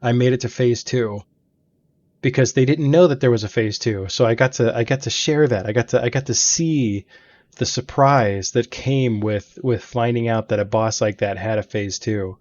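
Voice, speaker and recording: A man's voice: mid-range voice, moderate pace, a little mellow, lo-fi sound. A man hosting a let's play, telling long stories about beating game bosses in a chatty, rambling way from his home gaming room. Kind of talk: casual gaming commentary.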